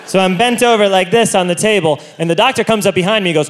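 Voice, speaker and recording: A man doing a stand-up comedy routine on stage, telling a self-mocking story with loud outbursts into a handheld mic. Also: high voice, fast, slight background noise. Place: comedy stage before an audience. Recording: live comedy show with audience laughter.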